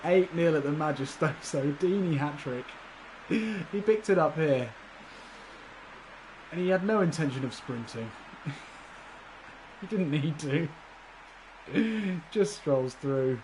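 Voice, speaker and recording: A man's voice: fairly high pitch, expressive, slow pace, pauses often, darkish tone, a little hiss or hum. A man commenting live on a football video game, chatty and laughing often, swearing casually and talking to his viewers. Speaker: gaming livestreamer.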